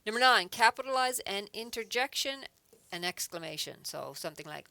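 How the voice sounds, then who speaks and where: Bright-voiced woman teaching a grammar lesson. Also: fairly low pitch, fast talker, vocal fry, dry recording. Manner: patient, explains step by step with examples; checks in with frequent "okay". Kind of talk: recorded adult English lesson.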